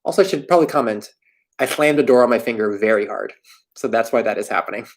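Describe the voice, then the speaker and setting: A fast-talking young man from Florida hosts a casual livestream from his home in New York, answering viewer questions. His mid-range voice carries candid, self-deprecating rambling.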